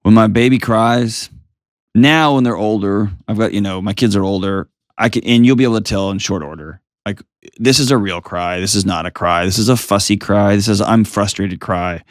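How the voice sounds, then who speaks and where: A middle-aged American man hosting an advice call-in show, talking in a calm, earnest coaching way full of rhetorical questions. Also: lowish voice, no room sound, studio quality. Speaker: host giving advice.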